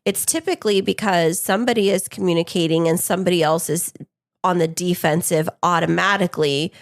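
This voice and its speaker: Gravelly-voiced woman hosting a chat. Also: lowish voice, fairly even intonation, brisk. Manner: chatty, uses personal examples, asks follow-up questions. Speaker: podcast co-host. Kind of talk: conversational interview.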